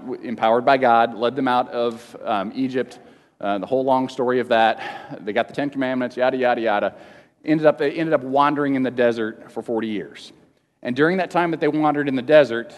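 A man teaching a Bible lesson to a congregation in a casual, halting way, often repeating words and slipping in jokes, at times emotional. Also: medium pitch. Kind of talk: informal teaching sermon with questions to the room. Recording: long reverb of a large hall.

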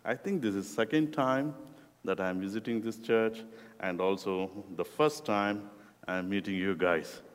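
Slow-speaking Indian man preaching in a hall. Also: on the low side, smooth. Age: middle-aged. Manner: slow, deliberate, with non-native phrasing. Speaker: guest preacher, youth ministry director. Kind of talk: sermon talk to a youth group. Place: echoey church room. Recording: echoey room with long reverb.

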